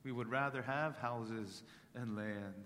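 A male pastor preaching a sermon during worship, rising to loud proclamation on scripture and sinking to soft, low tones in reflection. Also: slow pace. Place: church sanctuary. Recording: long reverb of a large hall.

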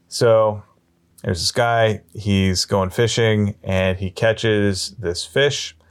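A man telling long shaggy-dog jokes in a deadpan way, slowing down and pausing as he builds them up. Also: fairly low pitch. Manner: deadpan, drawn-out storytelling with slow pauses. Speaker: storyteller.

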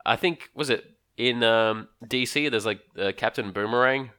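An Australian man, a guest on a casual podcast, chatting in an animated, joking way and laughing often. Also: medium pitch, moderate pace, clean tone.

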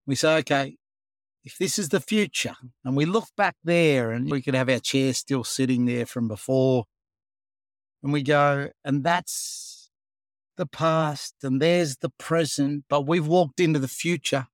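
An Australian man with a slightly higher-than-usual voice tells a story in a casual interview. He speaks animatedly and acts out the conversations as he goes. The sound is close and dry. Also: measured pace, no room sound. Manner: animated storyteller, acts out dialogue, says "mate". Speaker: guest, program founder.

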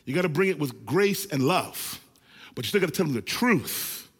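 A man in his forties preaching a lively sermon, calling on the congregation to shout responses. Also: on the high side, normal speed, husky, in a large hall. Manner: animated, calls for congregation responses. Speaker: pastor.

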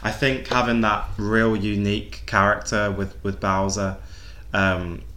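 Low-voiced man, chatty host. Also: level tone, unhurried, sharp tone. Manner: rambling, repeats words while gathering thoughts. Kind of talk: casual chat.

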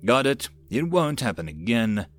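A man's voice: medium pitch, big pitch swings, moderate pace, no room sound, close to an everyday voice. A man voicing a tense male sergeant in an audiobook, barking terse orders over the radio. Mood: commanding.

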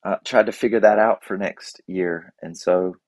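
A man's voice: low-pitched, steady tone, moderate pace, darkish tone, dry recording. A man in his forties talking in a casual, reflective way about family traditions and gratitude, rambling with fillers and restarts. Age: 40s.

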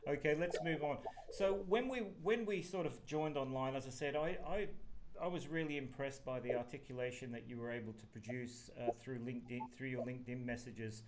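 An Australian man hosts a casual business talk show over a video call. He rambles a bit and fills his pauses with ums and restarts, in a voice of ordinary middle pitch. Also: a little hiss or hum. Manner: rambling, frequent fillers and restarts. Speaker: podcast host. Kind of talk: casual chat.

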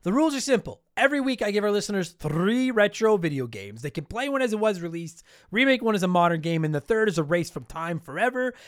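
High, clear-voiced profane podcast host. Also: male voice, sing-song, no room sound, studio quality. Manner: profane, sarcastic, quick to laugh. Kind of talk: casual podcast talk reading listener comments.

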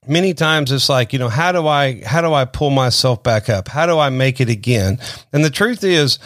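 A man's voice: medium pitch, no room sound, studio quality. A man preaching an informal sermon in an earnest, conversational way, often stopping to restart his sentences with fillers.

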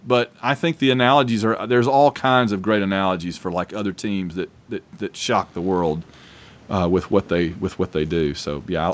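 A man co-hosting a sports podcast in casual chat, rambling and excitable, often breaking off mid-sentence. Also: on the low side. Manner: rambling, excitable, self-interrupting. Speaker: podcast co-host.

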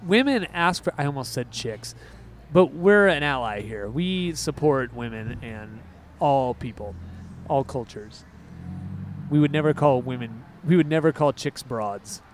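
A man co-hosting a music podcast in casual chat. He talks in a rambling, excitable way and drifts off on tangents. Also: medium pitch, a little slow, slight background noise. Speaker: podcast co-host.

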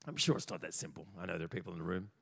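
An Australian man preaching a sermon as pastor in a church, animated and often repeating small words as he builds his points. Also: low voice, very fast, vocal fry, breathy edge. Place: church auditorium.

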